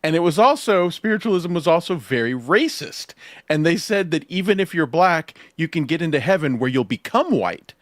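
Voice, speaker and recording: Guy hosting a podcast, kinda high voice, bouncy, laughs a lot, dry close sound. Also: normal speed, no echo. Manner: laughing, animated anecdotes. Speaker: podcast host. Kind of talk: casual chat.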